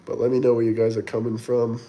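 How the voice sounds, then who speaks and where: A man talking casually on a livestream, reading out viewer comments and answering them in a loose, rambling way. His voice sits at a middle pitch for a man, easygoing and conversational. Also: monotone, quick pace, warm tone. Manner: chatty, rambling, reads viewer comments aloud. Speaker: livestream host reading chat.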